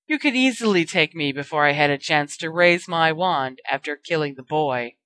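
A cold, cruel dark wizard who hisses his words and mocks his foes, as a woman reads him aloud. His voice sits low and comes through dry and close. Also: animated, moderate pace, no room sound. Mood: mocking. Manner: hissing, mocking. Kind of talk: fan fiction reading.

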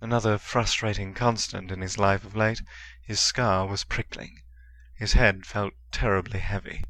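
A man narrating a story in a steady storytelling manner. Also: lowish voice, normal speed. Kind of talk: fan reading of a story.

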